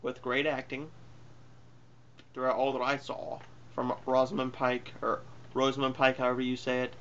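A man's voice: medium pitch, monotone, moderate pace, fairly bright tone, lo-fi sound, slight background noise. A man giving a casual spoken movie review in a rambling, offhand way, full of fillers and self-corrections. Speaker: film reviewer.

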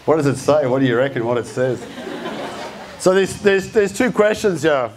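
A man's voice: a little high, slight background noise. Blunt, swearing Australian man in his fifties. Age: 50s. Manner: blunt, swears constantly, punchy and rousing. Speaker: speaker. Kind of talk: live motivational talk. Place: event venue with an audience.

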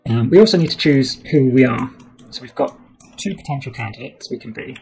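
British guy walking through a board game on stream, bit of gravel in his voice, soft music behind. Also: medium pitch, lively intonation, brisk, poor audio. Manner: explains rules step by step, thinking aloud. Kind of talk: casual board game playthrough.

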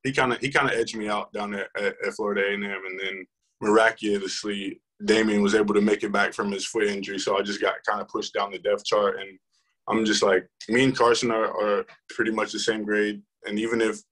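Relaxed young man telling stories. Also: lowish voice, fairly quick, rough recording. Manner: relaxed, rambling, lots of fillers and restarts. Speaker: football player guest. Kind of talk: casual interview storytelling.

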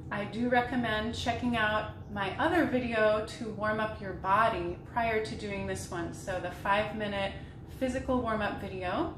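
Slow, gentle woman voice teacher. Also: medium pitch, noisy background. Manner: slow, gentle guiding talk with sung demonstrations. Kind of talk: vocal warm-up instruction. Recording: roomy sound with piano behind.

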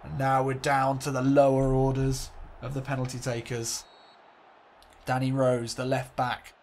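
A man hosting a let's play, calling a football game like a commentator, swinging between excitement and glumness. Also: medium pitch, measured pace.

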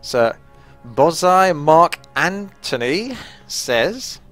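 A man's voice: a little high, very animated, very slow, fairly bright tone, dry recording, soft background music. A man hosting his own gaming channel, giving chatty, self-mocking play-by-play commentary. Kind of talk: live gameplay commentary.

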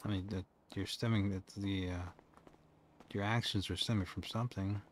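A young man playing a police officer in an online game role-play, talking calmly and coaxingly with dry jokes. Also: deep voice, moderate pace, a little hiss or hum. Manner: calm, coaxing, dryly joking.

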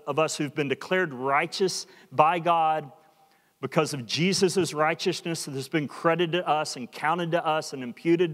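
A man's voice: fairly high pitch, a bit bright. Earnest preacher man in a reverberant hall. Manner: earnest, repeats and restarts phrases, emphatic. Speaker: pastor. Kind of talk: sermon. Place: church sanctuary.

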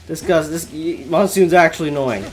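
A man giving live gameplay commentary from his bedroom, excitable and quick to shout and laugh. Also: a little high, faint music behind. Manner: excitable, loud exclamations and laughs. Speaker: gaming YouTuber.

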